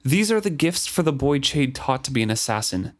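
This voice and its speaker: A man's voice: medium pitch, very animated, fairly quick, pitched above the performer's own voice, close to an everyday voice. A man voicing a bitter, resentful young man.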